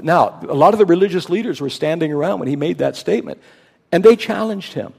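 Gravelly preacher in a reverberant hall. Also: male voice, fairly high pitch, expressive, quick pace, a little mellow. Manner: emphatic, rising to stress key points. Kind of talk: sermon.

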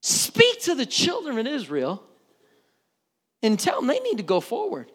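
A man's voice: very high-pitched, wildly swooping pitch, unhurried, a bit bright, slightly rough, pitched above the performer's own voice, exaggerated voice. A man voicing God as an exasperated, commanding male figure in a sermon.

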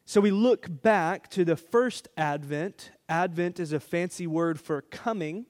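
A man's voice: high voice, a little slow, a little mellow. A man pastor preaching a sermon, telling a family story with playful asides and repeated phrases.

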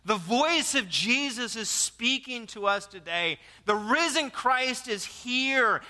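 A man pastor preaching a sermon, telling a story with lively repetitions and jokes to his congregation. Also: very high voice, slow, hardly any pauses. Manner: animated storytelling with repeated words and jokes. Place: church sanctuary. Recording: long church reverb.

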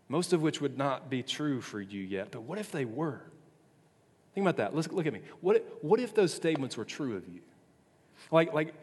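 A man giving a casual youth sermon, full of "like" fillers, moving between hushed and emphatic. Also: fairly high pitch. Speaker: youth pastor. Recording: echoey hall reverb.

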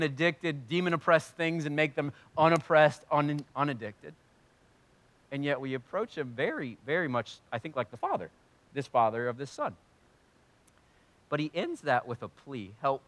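A man delivers an animated sermon, his bright, forceful voice pitched a little high for a man. He swings from loud, pressing emphasis down to near-hushed lines. The sound is dry and close. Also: no echo. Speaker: pastor.

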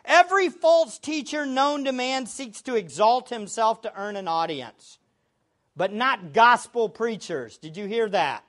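A man preaching a sermon, with expressive delivery, sometimes shouting the quoted words. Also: very high voice, measured pace. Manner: expressive preaching, shouting acted quotes, laughing between points.

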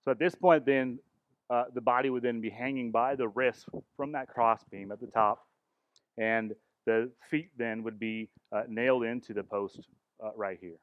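Retelling the crucifixion in a church sermon with a live demonstration, a pastor grows more dramatic and intense as he goes. His medium-pitched voice holds a fairly even intonation at a moderate pace, captured dry with phone-like sound quality.

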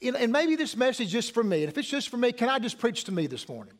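High-voiced preaching pastor, man. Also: sing-song, fast talker. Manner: conversational preaching, repeats phrases, asks congregation questions. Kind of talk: sermon.

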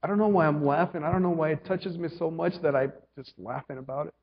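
Questioning preacher in a reverberant hall. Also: male voice, on the high side, quick pace. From Ukraine. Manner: questioning, swings from loud to hushed. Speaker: pastor. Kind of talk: sermon. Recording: dull sound with long hall reverb.

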